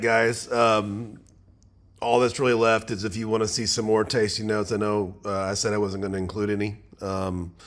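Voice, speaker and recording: A man's voice: fairly low pitch, fairly bright tone. A man who makes whiskey, casually wrapping up his video and thanking viewers in a loose, friendly way. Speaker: whiskey maker hosting a channel.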